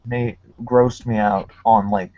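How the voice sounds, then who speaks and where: A man's voice: fairly low pitch, fairly even intonation, slow, no room sound, muffled recording. A man in a casual chat, telling stories and laughing at himself. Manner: laughing, self-mocking storyteller.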